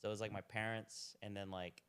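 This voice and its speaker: Young male guest, lowish smooth voice, rambling easygoing chat. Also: flat delivery, brisk, fairly bright tone. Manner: laid-back, rambling, lots of "like". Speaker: podcast guest, restaurant owner. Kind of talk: casual chat.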